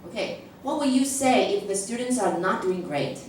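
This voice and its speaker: Lady teacher trainer acting out classroom english, says okay a lot, far off mic in a boomy room with faint hiss. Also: expressive, normal speed, a little mellow. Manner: frequent checking "okay?"; acts out classroom phrases. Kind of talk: workshop lecture to teachers. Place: large echoey classroom. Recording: echoey room recorded from far off.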